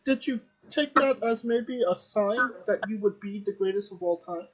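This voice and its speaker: A woman's voice: medium pitch, normal speed, highs cut off, a little hiss or hum. A woman hosting a casual interview, asking light questions with small laughs.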